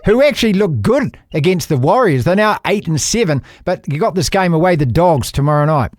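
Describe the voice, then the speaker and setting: New Zealand radio host, male, blunt and jokey, pitched high. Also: expressive, a little fast, no echo, studio quality. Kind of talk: casual chat.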